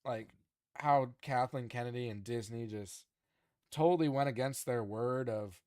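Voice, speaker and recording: A man's voice: medium pitch, unhurried, dry recording. Male podcast co-host, casual, heated, dry close mic. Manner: animated, frustrated, many restarts. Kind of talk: casual chat.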